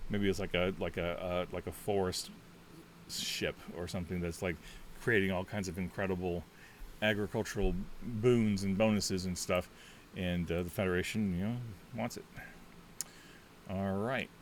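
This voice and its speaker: Low-voiced man rambling through a solo game. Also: steady tone, moderate pace, slight background noise. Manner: rambling, chatty, thinks out loud with many fillers. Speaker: solo tabletop game player. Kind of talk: casual thinking-aloud game walkthrough.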